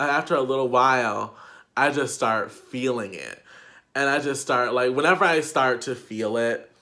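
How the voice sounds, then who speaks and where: Young guy vlogging a storytime, bright voice, rambly, swears a lot, says like constantly. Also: medium pitch. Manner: chatty, profane, filler-heavy with lots of "like". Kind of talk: casual storytime.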